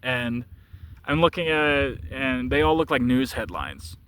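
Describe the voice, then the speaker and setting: Bright, halting male storyteller. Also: medium pitch, expressive, a little hiss or hum. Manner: halting, repeats words, chuckles often. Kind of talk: casual first-person storytelling.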